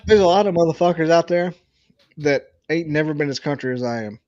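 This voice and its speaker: A man from Alabama with a Southern accent, drunk and ranting loudly on a podcast, full of swearing. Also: fairly high pitch, fairly quick, lo-fi sound. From Alabama, USA. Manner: profane, boisterous ranting. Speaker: guest. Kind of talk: rowdy casual podcast chat.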